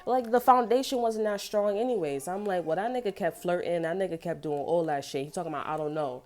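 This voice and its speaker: A woman reads tarot in a loose, unscripted way and vents bluntly, swearing freely. Her voice is mellow and soft-edged, sitting at a medium pitch. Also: quick pace. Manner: blunt, profane, venting. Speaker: tarot reader. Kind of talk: casual tarot reading rant.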